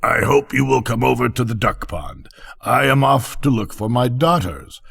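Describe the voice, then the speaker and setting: An older man voicing a chatty, self-satisfied frog that talks slowly and gushes. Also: medium pitch, very animated, vocal fry, a bit bright, husky, full character voice. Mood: gushing. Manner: slow, gushing, complacent.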